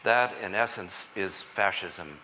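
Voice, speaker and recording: A man addresses a conference audience in a college hall. His voice is bright and clear, with a faint hiss of room noise behind it. He speaks earnestly and deliberately, leaning on key phrases. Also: low-pitched. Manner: earnest and deliberate, with measured emphasis. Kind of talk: public lecture.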